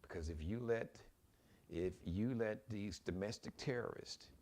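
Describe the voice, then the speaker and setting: A man's voice: lowish voice, unhurried, a little mellow. A man hosting his own live commentary show, talking in an impassioned, preachy way and urging his listeners directly. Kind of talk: opinionated solo commentary.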